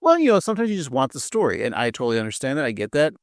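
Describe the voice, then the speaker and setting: A man's voice: medium pitch, big pitch swings, very fast, no room sound. A man co-hosts a podcast in loose, joking chat, padding his talk with fillers. The dry, close sound has no room around it. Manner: joking, rambling, lots of fillers. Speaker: podcast co-host.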